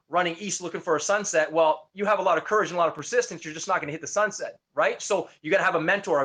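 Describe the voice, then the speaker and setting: A man giving an energetic motivational talk straight to his listeners, often repeating words and restarting sentences. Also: a little high. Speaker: motivational speaker.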